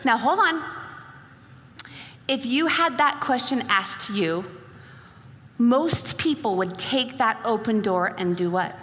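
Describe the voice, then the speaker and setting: On the high side and animated, a woman speaks slowly with long pauses in a fairly bright tone, performing both sides of a conversation energetically in a story for a sales-event audience. The motivational talk was recorded live in a large, reverberant hall, with slight background noise.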